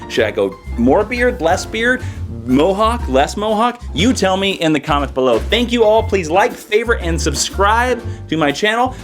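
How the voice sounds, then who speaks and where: A man hosting his own comic review video, talking in an energetic, joking way with exaggerated enthusiasm. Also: sits high. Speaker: comic book reviewer, channel host.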